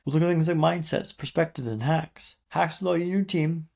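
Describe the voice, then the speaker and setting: A man in his thirties speaks as a podcast guest in a dramatic storytelling way. He builds tension with repeated refrains and pauses. His voice is fairly high and gravelly, and he talks fast. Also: darkish tone. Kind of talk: storytelling interview.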